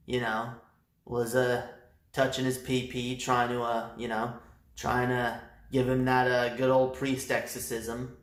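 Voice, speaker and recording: A man's voice: mid-range voice, a bit bright. Rambling crude male streamer. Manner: crude, rambling, filler-heavy. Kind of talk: casual livestream rant. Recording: roomy echoey room.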